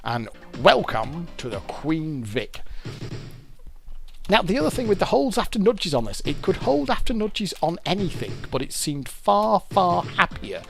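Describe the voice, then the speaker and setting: A British man talks through a fruit machine game in a loose, chatty way, wandering between explanations as he plays. His voice sits a little high for a man and swings up and down a lot, with faint machine music behind him. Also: very animated, unhurried, vocal fry, a bit bright. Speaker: fruit machine gameplay commentator. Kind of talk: casual gameplay commentary.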